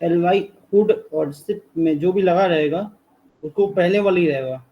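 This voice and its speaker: A man, a student asking hesitant questions in an online class. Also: sits high. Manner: hesitant, halting. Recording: dull lo-fi call audio.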